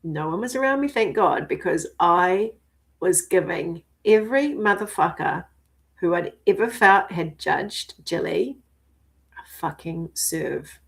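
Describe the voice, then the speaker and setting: A woman's voice: lowish voice, animated, measured pace, gravelly. Woman, 50s, spiritual coach vlogging; swears freely, punches words, then drops to a whisper. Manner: profane and emphatic, swings between declaring and hushed whispers. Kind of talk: spiritual vlog monologue.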